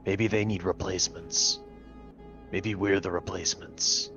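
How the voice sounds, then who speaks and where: A man playing a grown-up hulking creature in a mechanical suit, his voice deepened by a voice changer, grim and suspicious in a tabletop role-play. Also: little pitch movement, unhurried, over music. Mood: ominous.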